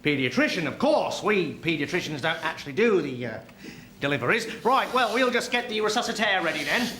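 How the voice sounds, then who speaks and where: A flustered, bluffing young doctor. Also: male voice, sits high, sing-song, a little fast, bright, forceful tone, a little hiss or hum, full character voice. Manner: flustered, anxious. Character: nervous young male doctor bluffing his way. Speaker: junior hospital doctor. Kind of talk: sitcom acting. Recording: TV sitcom audio with faint ambience.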